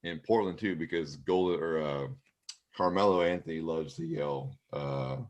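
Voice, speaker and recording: A man's voice: rumbling low, normal speed, a little mellow, lo-fi sound. A man co-hosting a casual sports podcast, talking in a rambling way with lots of fillers. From Pacific Northwest of the US. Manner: rambling, loose storytelling with many fillers. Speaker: co-host.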